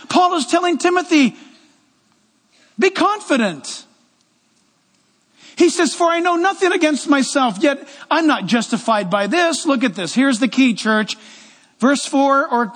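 Male pastor mid-sermon, animated and exhorting, high and expressive, in a reverberant church. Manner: animated, exhorting, acts out quoted voices.

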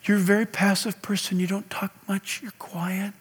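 A man preaching a sermon as pastor, animated and acting out conversations, swinging from hushed to shouting. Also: high voice, moderate pace, husky, long reverb tail. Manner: animated, acts out dialogue, shifts from hushed to shouting.

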